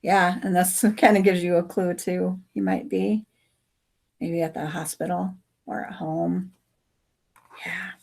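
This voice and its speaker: A woman teacher reading a story aloud and teaching her class in a friendly way, asking questions and dropping into soft asides. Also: fairly low pitch, little pitch movement, slow pace, creaky, long pauses.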